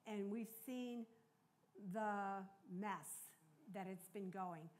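A woman's voice: mid-range voice, extremely slow. An older American woman preaching a sermon in a conversational, earnest way, often checking in with the congregation. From United States.

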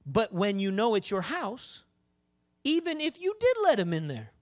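A woman preacher giving a sermon in a conversational, animated way, often acting out the voices of the people she talks about. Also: medium pitch, moderate pace.

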